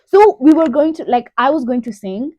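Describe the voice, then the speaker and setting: A woman's voice: high voice, animated, normal speed, background noise. A young woman from Kenya, telling a personal story in a rambling, casual way full of "you know". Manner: rambling, lots of "you know", emotional retelling. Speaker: vlogger.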